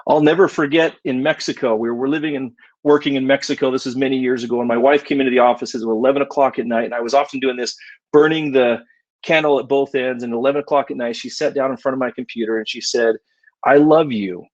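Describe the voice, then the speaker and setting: A middle-aged man giving a motivational talk, telling personal stories in an earnest, warm way. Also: medium pitch, steady tone, fast talker, muffled recording. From United States. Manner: earnest, warm storytelling with emotional emphasis. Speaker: keynote speaker.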